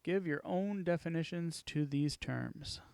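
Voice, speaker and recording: A man's voice: fairly high pitch, unhurried, gravelly, darkish tone, smooth, no echo. A male music teacher reading worksheet instructions aloud and counting beats as he walks through the exercises.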